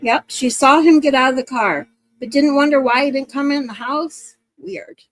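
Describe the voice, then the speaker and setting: A woman with a high, bright-pitched voice gives casual true-crime commentary. She is blunt, swears freely and breaks in over paused clips. The sound is dry and close. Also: no echo.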